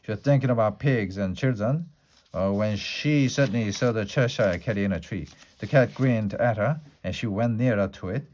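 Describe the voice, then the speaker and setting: Man, storyteller, read-aloud for learners, unhurried, occasional fillers, mid pitch. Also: darkish tone, a little hiss or hum.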